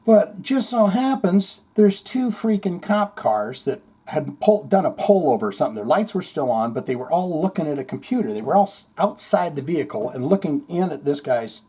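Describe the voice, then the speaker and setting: Rambling, cursing podcast host. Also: male voice, on the high side, normal speed, few pauses, breathy edge. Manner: rambling, profane, animated storytelling with acted-out quotes. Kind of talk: casual storytelling monologue.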